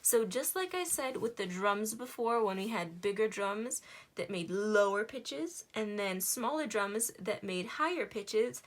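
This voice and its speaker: A woman's voice: medium pitch, expressive, a little slow. A woman teaching a virtual music lesson to elementary school children, explaining simply and encouragingly.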